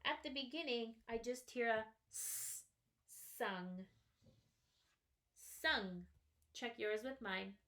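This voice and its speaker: A woman's voice: on the high side, slow, long pauses, pushed and bright. A woman teaching first graders phonics, patiently sounding out and stretching each word part. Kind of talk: slow, clearly sounded-out phonics lesson. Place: classroom or home, writing on a small board.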